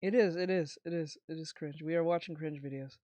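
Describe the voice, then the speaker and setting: A woman's voice: low-pitched, steady tone, a little fast, dark tone, no room sound, lo-fi sound. A woman streamer giving casual live reaction commentary, blunt and incredulous, swearing freely.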